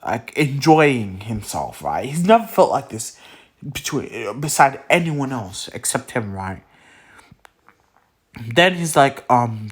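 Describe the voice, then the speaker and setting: A man's voice: medium pitch, lively intonation, unhurried. A man casually retelling a fan story, rambling with lots of fillers and restarts, sounding tired.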